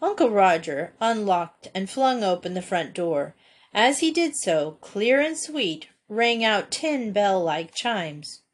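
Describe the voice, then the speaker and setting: A woman narrating a classic children's book in a steady, measured reading voice. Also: mid-range voice, husky. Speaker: audiobook reader. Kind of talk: storybook narration.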